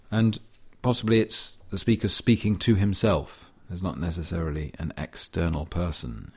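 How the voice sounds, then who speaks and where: A man with a very low voice lectures on a poem and reads its lines aloud. His pace is unhurried and thoughtful, and he adds scholarly asides. He sounds middle-aged. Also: a little mellow, slightly rough. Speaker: literature lecturer. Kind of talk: explaining and reading poetry aloud.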